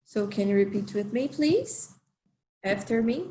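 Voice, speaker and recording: Slow, patient woman language teacher. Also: medium pitch, expressive, mellow, reverberant, a little hiss or hum, poor audio. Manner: slow, repeats phrases for learners. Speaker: Portuguese teacher.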